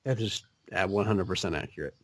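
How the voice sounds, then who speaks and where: A man's voice: low-pitched, a little fast. A man co-hosting a podcast in casual chat, hesitant and a bit sheepish when reading. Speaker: podcast co-host.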